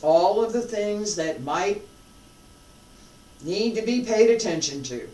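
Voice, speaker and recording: Slow, emphatic martial arts teacher, distant. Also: medium pitch, animated. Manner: emphatic and repetitive, swinging between loud and hushed. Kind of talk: teaching a live class. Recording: roomy sound from a distant mic.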